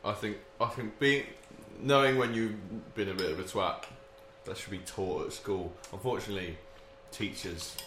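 A man who co-hosts a podcast and teaches, chatting casually in a lively, joking way that is full of swearing. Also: on the low side, moderate pace, hardly any pauses. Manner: animated, laughing, swearing banter. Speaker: podcast co-host. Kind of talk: casual chat. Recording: echoey room with faint hiss.

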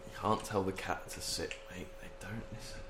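A man's voice: sits low, normal speed, very noisy. A man co-hosting a casual podcast at home, with dry, teasing banter. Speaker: podcast co-host. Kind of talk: casual chat. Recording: roomy echo.

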